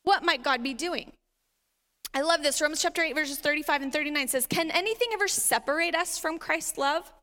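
A woman's voice: sits high, a little fast, pushed and bright. A woman preaching a sermon, reading scripture aloud and animatedly acting out the voices in it, laughing along with her congregation. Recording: reverberant hall.

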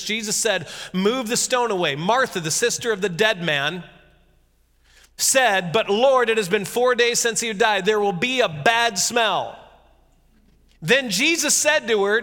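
A man giving a casual, conversational sermon, retelling a scripture story with jokey asides and animated reading. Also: high-pitched, in a large hall. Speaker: pastor.

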